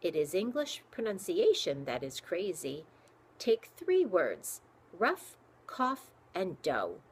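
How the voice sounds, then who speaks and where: A woman voicing an excitable French gentleman who insists on correct pronunciation. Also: on the low side, slow pace, slight background noise, heavily acted. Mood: insistent. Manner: insistent, exclamatory.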